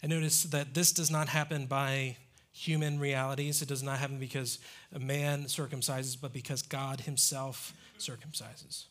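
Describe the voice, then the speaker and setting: A man's voice: medium pitch, level tone, normal speed, fairly bright tone. A man preaching a sermon in an earnest, emphatic way, asking rhetorical questions and answering them. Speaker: pastor.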